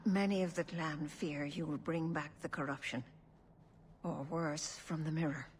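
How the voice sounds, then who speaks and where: A woman playing a solemn elder female elf who leads her clan, speaking in a measured, grave way. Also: low voice, steady tone, slight background noise. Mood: pleading. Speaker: clan keeper in a video game.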